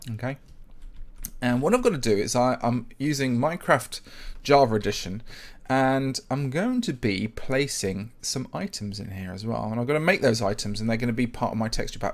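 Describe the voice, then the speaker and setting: A man hosting a casual live stream, chatting with viewers while he builds in Minecraft. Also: mid-range voice. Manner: chatty and rambling, greets viewers by name, frequent ums. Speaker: livestream host, Minecraft map builder.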